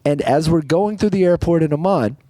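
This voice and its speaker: A man co-hosting a podcast in casual chat, telling animated stories, acting out quotes and laughing often. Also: a little high, fairly quick, no echo. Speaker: podcast co-host. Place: podcast studio.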